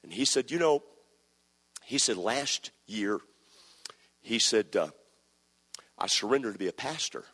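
A man preaching a sermon, telling stories and building from quiet narration to loud exhortation. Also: lively intonation, unhurried, pauses often. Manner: builds from low conversational storytelling to shouted exhortation. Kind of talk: sermon with storytelling. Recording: long hall reverb.

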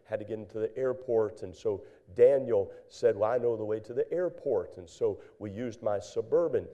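An older man preaching a sermon, telling folksy stories in an animated way, with many fillers and acted-out dialogue. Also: lowish voice, moderate pace. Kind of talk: sermon with storytelling.

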